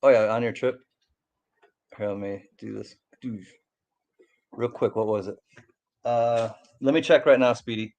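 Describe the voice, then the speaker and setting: A man co-hosting a casual chat, easygoing and halting, often repeating his words. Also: medium pitch, steady tone, a little mellow, highs cut off. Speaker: co-host. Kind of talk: casual chat about coin collecting.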